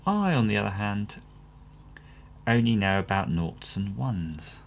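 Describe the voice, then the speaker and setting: Give me a man with a gravelly voice casually talking through a kit build, self-deprecating and rambling. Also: fairly low pitch, lively intonation, unhurried, muffled recording, slight background noise. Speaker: electronics kit builder, channel host. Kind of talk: casual workbench commentary.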